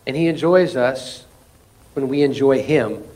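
A man pastor preaching a sermon, animated, with laughing asides, swinging from loud exclamations to soft, intimate lines. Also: mid-range voice, a little slow.

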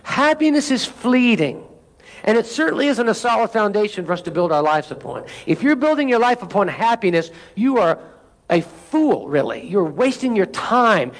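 A man preaching a sermon as pastor, asking the room for amens and reading scripture with rising intensity. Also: high-pitched. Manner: preaching with call-and-response asides.

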